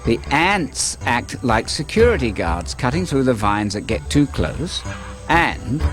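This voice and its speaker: A man narrating a kids' wildlife program in a jokey, playful way. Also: medium pitch. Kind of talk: scripted wildlife narration for kids. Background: music.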